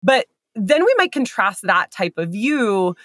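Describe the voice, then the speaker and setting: A woman's voice: mid-range voice, big pitch swings, measured pace, fairly bright tone, no room sound, clean studio sound. A woman co-hosting a casual scholarly discussion, asking probing questions in a playful, inquisitive way and laughing often. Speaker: podcast co-host.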